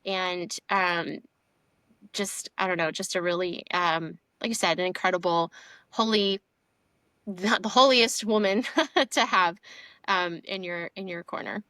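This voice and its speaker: A young woman from Houston telling a personal story as a podcast guest, animated and full of fillers. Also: on the low side, measured pace, clean tone, no room sound. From Houston, Texas. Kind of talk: casual conversational testimony.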